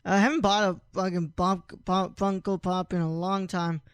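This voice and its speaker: High-voiced, smooth-sounding podcast host man. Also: little pitch movement, normal speed, dry recording. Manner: loose, swears casually, lots of fillers. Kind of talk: casual podcast chat.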